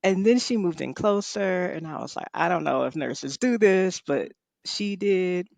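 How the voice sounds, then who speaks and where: A middle-aged woman and author, a guest telling a personal story in a conversation, expressive, laughing often and saying "you know" a lot. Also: on the low side, unhurried, vocal fry, no echo. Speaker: author and rest coach, guest.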